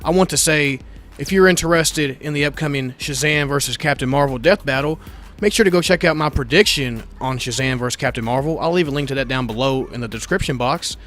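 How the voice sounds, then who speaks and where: A man's voice: medium pitch, fairly quick, a bit bright, soft background music. A man hosting a casual Q&A video, answering viewers' questions in an enthusiastic, slangy way and repeating set phrases. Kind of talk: casual Q&A vlog.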